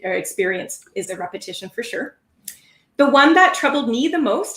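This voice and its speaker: Upbeat woman teaching in an echoey room. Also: a little high. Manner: clear, encouraging teaching delivery. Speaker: test prep instructor. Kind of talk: live online lesson.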